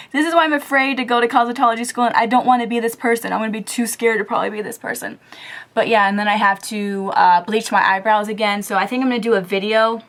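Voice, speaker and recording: A woman's voice: medium pitch, fast. Chatty young woman vlogging to camera. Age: young adult. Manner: chatty, lots of "like" and "um"; animated storytelling, quoting others. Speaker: beauty vlogger. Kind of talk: casual vlog storytelling.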